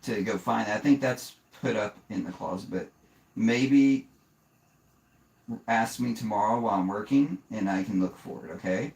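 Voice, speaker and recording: Man, gravelly voice, snake breeder hosting a casual live stream; plainspoken and frank, gentle with a kid. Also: on the low side, moderate pace. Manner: plainspoken, giving frank advice; gentle, patient with his young son.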